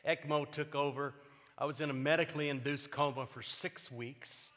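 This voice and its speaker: Older pastor in a reverberant hall. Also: male voice, a little high, fairly even intonation, normal speed, a bit bright. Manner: earnest, personal testimony with emphatic repetition. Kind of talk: sermon. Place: church sanctuary.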